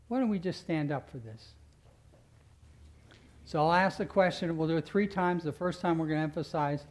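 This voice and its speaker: A man's voice: on the high side, normal speed. A man preaching a sermon as pastor, leading his congregation in call-and-response and closing in earnest prayer. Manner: builds to loud fervent call-and-response, then earnest prayer.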